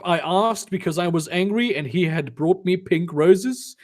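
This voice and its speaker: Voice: medium pitch, measured pace, darkish tone. A comedic reader doing a dramatic reading with sarcastic, exasperated commentary, swearing often.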